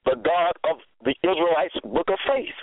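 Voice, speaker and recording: A man preaching a sermon slowly and emphatically, his pitch swinging widely as he stresses words. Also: expressive, no room sound. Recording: tinny phone line, dry.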